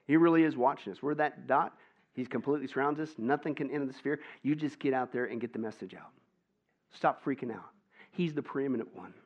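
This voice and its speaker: A male pastor preaching a lively, conversational sermon and tossing questions to his listeners, on a dull lo-fi recording. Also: mid-range voice, fairly quick. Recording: dull lo-fi sound.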